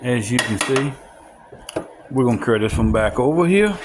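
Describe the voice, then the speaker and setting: A man, casually narrating a home cooking video and chatting straight to viewers with excited whoops. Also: mid-range voice, normal speed, background noise. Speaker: home cook showing a recipe. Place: home kitchen.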